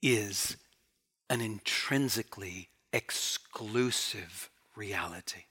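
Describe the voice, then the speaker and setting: A man preaching a sermon, breaking into loud, excited bursts and then dropping to hushed, quiet emphasis, with playful mock taunts when he acts out quoted speech. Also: takes it slowly, slightly rough. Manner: animated, swings from loud bursts to hushed lows.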